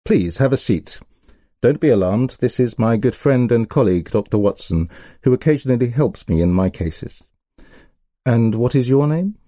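A man doing a calm, shrewd detective. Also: medium pitch, dry recording, clean studio sound, natural voice. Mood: courteous. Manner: calm, measured, courteous.

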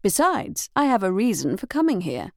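A woman's voice: medium pitch, wildly swooping pitch, moderate pace, no room sound, clean studio sound. A woman reading the lines of an aristocratic male Marquis, speaking emphatically and insistently in a storybook reading. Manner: emphatic, exclaiming.

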